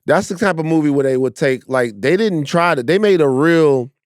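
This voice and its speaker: Podcast co-host, man, slightly high and lively, slangy and relaxed, dry sound. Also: normal speed, no room sound. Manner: laid-back storyteller, slangy and swearing. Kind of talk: casual chat.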